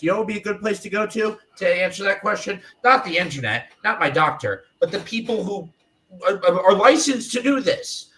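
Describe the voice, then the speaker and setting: A man's voice: a little high, fairly bright tone. A man hosting a casual podcast conversation, speaking in an earnest, explanatory way. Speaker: podcast host.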